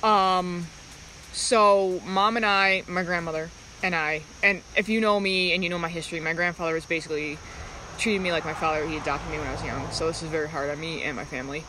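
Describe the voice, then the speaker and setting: A woman chatting casually on a live stream, talking in halting, rambling stretches and breaking off to greet viewers by name. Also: lowish voice, steady tone, noisy background.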